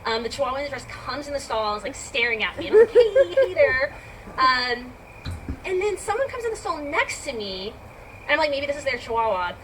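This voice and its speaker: A woman's voice: high voice, big pitch swings, quick pace, fairly bright tone. A woman telling a personal story to a live audience in a chatty, filler-heavy way. She laughs often and acts out her own reactions. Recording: distant mic with background noise.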